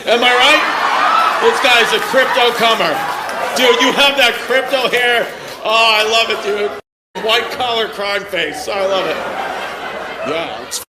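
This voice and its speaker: A man's voice: extremely high pitch, takes it slowly, pauses often. A man doing brash, teasing crowd work as a stand-up comedian in front of a live audience. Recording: live room with crowd laughter and noise.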